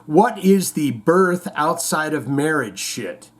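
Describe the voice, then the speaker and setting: A man's voice: a little high, lively intonation, slow pace. A man hosting a show in casual chat, rambling, reading out viewer comments and telling corny jokes. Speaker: host.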